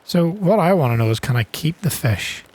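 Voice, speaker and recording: A man's voice: a little high, lively intonation, moderate pace, a little mellow. A man hosting his own gaming channel, giving chatty, self-deprecating commentary while he plays and gasping with surprise at each new thing. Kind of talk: casual gameplay commentary.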